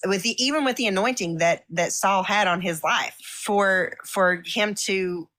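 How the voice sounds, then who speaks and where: A woman leading a casual Bible study discussion, talking in halting bursts with many restarts. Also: medium pitch, a bit bright. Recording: dry, cleaned-up audio.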